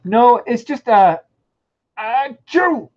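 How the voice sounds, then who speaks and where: A man's voice: a little high, expressive, unhurried. A man voicing a panicky human crewman who keeps sneezing and sniffling, read aloud from a story in a lo-fi recording. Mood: flustered. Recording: dull lo-fi sound.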